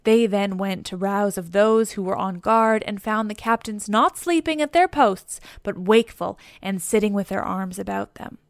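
A woman reading an epic poem aloud as scripted narration, in a measured, steady way. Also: medium pitch, dry recording, studio quality. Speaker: audiobook reader.

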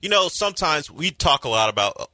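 Easygoing male sports radio host, lively delivery, dry close mic. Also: a little high, fast, no echo. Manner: easygoing, explains context. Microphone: studio microphone.

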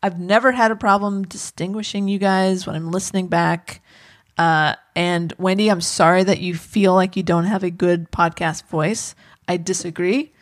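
A woman co-hosting a podcast in casual chat, earnest and reassuring, quick to laugh. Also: lowish voice, fairly even intonation, no room sound, clean studio sound. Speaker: podcast co-host.

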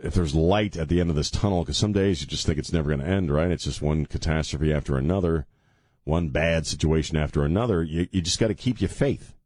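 A man's voice: extremely low pitch, fairly quick, darkish tone, no echo, studio quality. A man hosting a talk radio show, rambling casually and joking at his own expense, then turning earnest about faith. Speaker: radio host. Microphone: studio mic with headphones.

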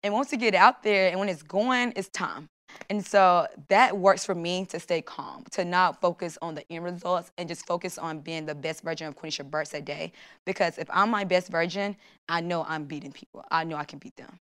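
Young woman guest, a bit low-voiced, animated storyteller. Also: moderate pace. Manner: animated storytelling, acts out her own thoughts in quotes. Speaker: guest, Olympic long jumper. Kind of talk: casual interview chat.

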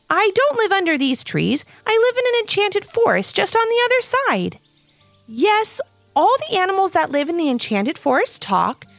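A woman's voice: very high-pitched, gravelly, a bit bright, no room sound, pitched above the performer's own voice, heavily acted. A woman voicing a small, polite talking squirrel who chatters in a friendly way, in a storybook reading.

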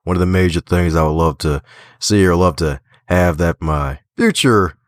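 A man from the Baltimore area, an author and podcaster, telling stories in a lively, folksy way during a remote interview. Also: low voice, moderate pace, no room sound, clean studio sound. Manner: animated storyteller, folksy phrasing, laughs often. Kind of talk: casual conversational interview.

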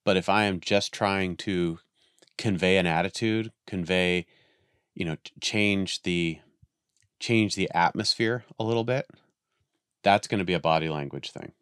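A man's voice: low voice, measured pace, a bit bright, smooth, no echo, clean studio sound. A man in casual conversation, telling a long story with many restarts and acted-out voices. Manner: rambling, restarts a lot, acts out voices in stories. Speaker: guest on a dog training podcast.

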